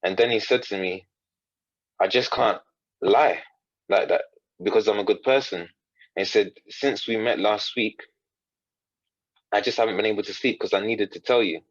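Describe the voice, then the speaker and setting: With a voice on the low side, this man talks at a normal pace and pauses often; the recording is dry and lacks high frequencies. As a coach guesting on a podcast, he earnestly narrates a story, quoting people and frequently restarting.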